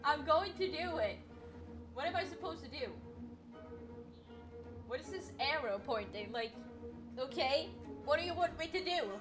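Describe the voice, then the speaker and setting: A woman streaming a game live, excitable and giggly, swearing freely while chatting to viewers. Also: high-pitched, normal speed, pauses often. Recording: game music playing behind.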